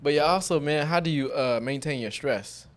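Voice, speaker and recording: A man's voice: fairly high pitch, normal speed. A man hosting a podcast interview, asking short questions and murmuring agreement. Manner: short prompts and steady backchannel murmurs. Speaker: podcast host. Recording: clear background noise.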